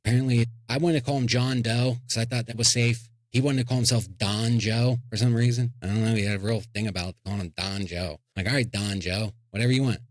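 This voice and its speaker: A man's voice: mid-range voice, fairly even intonation, brisk, hardly any pauses, no echo. A man hosting a comedic podcast, rambling and joking as he introduces segments and guests. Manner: rambling, joking, self-interrupting. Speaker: podcast host.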